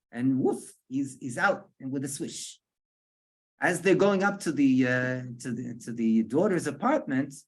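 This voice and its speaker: A rabbi tells a story to a small group in a chatty manner, chuckling often and repeating words while he hunts for the right ones. His pitch is fairly high.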